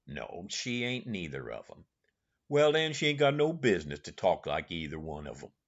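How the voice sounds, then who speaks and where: A man's voice: low-pitched, big pitch swings, moderate pace, dull audio, voice pushed down, exaggerated voice. A man voicing an uneducated, stubborn older man with a heavy rural Southern US dialect, drawling and dogged in argument.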